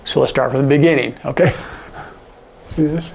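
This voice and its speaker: A man teaching sign language in a casual, animated way, acting out example lines with big jumps in his voice. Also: medium pitch, normal speed, vocal fry, long pauses, husky. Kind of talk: casual instructional talk.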